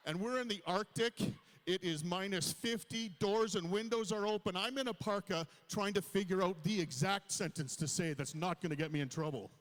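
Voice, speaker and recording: A man's voice: sits high, normal speed, a bit bright. A Canadian man in his fifties doing a stand-up comedy set, telling self-deprecating stories to the crowd. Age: 50s. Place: large hall on stage. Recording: live hall reverb.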